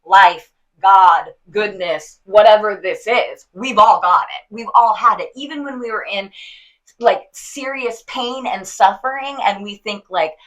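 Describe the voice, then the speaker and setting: A woman's voice: mid-range voice, a bit bright, low-quality recording. A woman co-hosting a podcast in casual spiritual chat, effusive, laughing often and leaning on "like". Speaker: podcast co-host.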